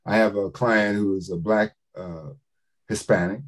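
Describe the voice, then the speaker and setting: Older man, low voice, emphatic declaiming storyteller, author talk. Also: steady tone, unhurried, rough recording. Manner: emphatic preacher-like cadence, rising to declamation. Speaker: author speaking to a book club. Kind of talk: public speaking, storytelling.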